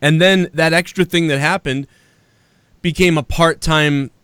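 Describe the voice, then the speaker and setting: A man's voice: fairly high pitch, steady tone, a little slow, fairly bright tone, clean tone, no room sound. A man hosting a podcast in casual chat, rambling and profane, with frequent restarts. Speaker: podcast host.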